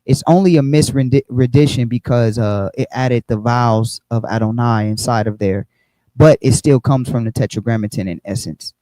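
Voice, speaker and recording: A man's voice: medium pitch, normal speed, dark tone, dry recording, rough recording. A man teaching an online Bible study, explaining with frequent restarts and repeated words.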